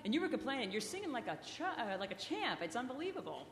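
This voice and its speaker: A woman's voice: a little high, sing-song, fast talker. A woman singer teasing and coaxing a live audience between songs, in a playful, joking manner, heard through a stage microphone. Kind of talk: stage banter with a concert audience. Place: concert hall. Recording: echoey live hall with music.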